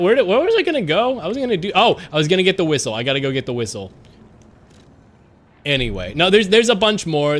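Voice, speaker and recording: A young man streaming live and chatting casually while gaming, rambling with stammered repeats and frequent giggles. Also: mid-range voice.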